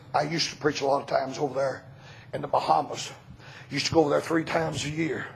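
A man preaching a revival sermon in a church, telling stories and rising into shouts. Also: on the high side, creaky. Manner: storytelling, bursts into shouting.

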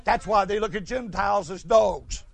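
A man's voice: sits high, moderate pace, gravelly. A man preaching a folksy sermon, telling stories and calling for responses. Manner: folksy, storytelling, calls for responses.

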